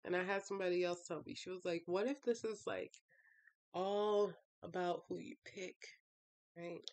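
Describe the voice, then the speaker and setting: A woman's voice: fairly low pitch, steady tone, moderate pace, darkish tone. A woman vlogger talking casually and emotionally about her feelings, sighing often and rambling with many fillers. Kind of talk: casual confessional talk.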